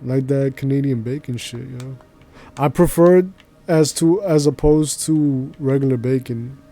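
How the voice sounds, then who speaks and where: A man's voice: medium pitch, moderate pace, mellow, faint music behind. A male streamer chatting casually while he plays, rambling in slangy speech and laughing easily. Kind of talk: casual chat while gaming.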